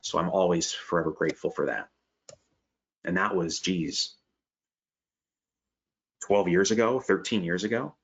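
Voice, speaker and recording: A man with a slight Pennsylvania Dutch accent hosts a live webinar, pitching a product and taking viewer questions in an upbeat, chatty way. His voice is low and breathy at the edges, a little slow, with long pauses. The webinar audio is dull and lo-fi.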